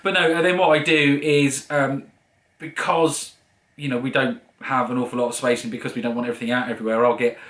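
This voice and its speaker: A man's voice: mid-range voice, fairly even intonation, quick pace, a bit bright, reverberant. Easygoing man with faint Norfolk accent. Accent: mild Norfolk fading into London English. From Norfolk, England. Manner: easygoing, dry humour, many "um"s. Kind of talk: casual Q&A chat.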